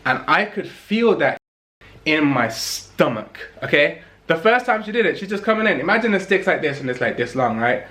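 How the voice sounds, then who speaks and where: A young man from England, telling a story in a casual vlog in an animated, emphatic way, repeating lines for effect. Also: on the high side, normal speed.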